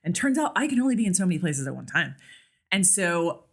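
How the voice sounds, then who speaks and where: A woman speaks as a podcast guest in a relaxed, candid way. Her voice sits slightly low for a woman. She talks with plenty of fillers. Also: brisk. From United States. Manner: chatty and candid, with lots of fillers. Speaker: podcast guest, nurse practitioner and clinic owner. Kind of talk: casual interview chat.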